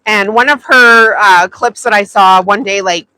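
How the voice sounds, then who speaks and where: A woman's voice: medium pitch, unhurried, pushed and bright. A woman hosting a sewing livestream, chatting casually with viewers and laughing often. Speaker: sewing channel host.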